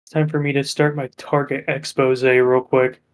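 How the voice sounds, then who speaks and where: A young man co-hosting a podcast, telling work stories in a profane, animated way. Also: mid-range voice, normal speed, slight background noise. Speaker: podcast co-host. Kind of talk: casual chat.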